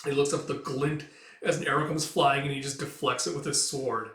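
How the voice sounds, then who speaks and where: A man's voice: medium pitch, steady tone, brisk, a bit bright. A man casually retelling a comic's action scenes, with loose fillers and spoken sound effects. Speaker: comic reader. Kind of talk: casual read-through narration. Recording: roomy, distant mic.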